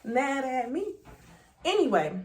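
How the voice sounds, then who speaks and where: A young woman telling a dramatic story in a chatty storytime vlog, full of slang and quick swings between loud and hushed. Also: high voice, very animated. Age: young adult. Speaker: vlogger.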